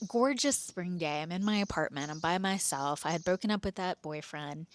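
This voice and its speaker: A woman in her forties hosting a podcast, telling a personal story in a casual, animated way, dropping to hushed asides and acting out what people said. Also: on the low side, a little hiss or hum. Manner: animated, drops to hushed asides, quotes herself.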